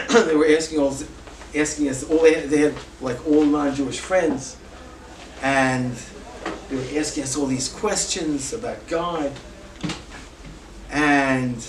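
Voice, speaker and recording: A man in his seventies telling a personal story to an audience, animated and halting, moving between loud bursts and hushed asides. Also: a little high, a little hiss or hum. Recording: echoey room, distant mic, faint ambience.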